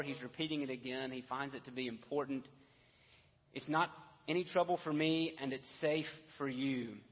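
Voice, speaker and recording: A man's voice: a little high, breathy edge. A man preaching a sermon as pastor, earnest, with casual asides and restarts. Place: church sanctuary. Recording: dull, echoey church hall audio.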